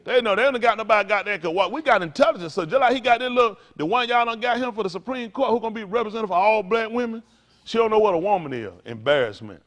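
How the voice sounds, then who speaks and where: An older man preaching to a congregation, in a folksy, playful way with sudden loud bursts. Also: sits high, animated, fast talker. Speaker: pastor.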